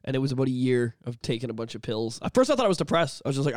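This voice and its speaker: A man co-hosting a podcast, talking candidly and swearing a lot, sometimes bursting into loud shouted bits. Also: medium pitch, very fast, no room sound, studio quality. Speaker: podcast co-host. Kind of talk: candid casual chat.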